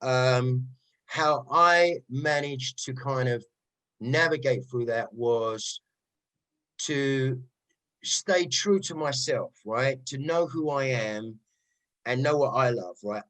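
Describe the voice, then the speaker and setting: Cockney man, middle-aged MC guest, lively storyteller in a casual interview. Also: medium pitch, slow pace, low-quality recording. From East London. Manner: animated storyteller, frequent "right?" asides. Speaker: rave MC guest.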